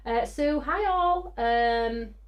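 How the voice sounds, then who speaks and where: A woman's voice: a little high, very slow, muffled recording. Bubbly woman hosting a craft stream. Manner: bubbly and excitable, whooping and laughing. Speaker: host of a live craft show. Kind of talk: live-stream chat reading viewer comments.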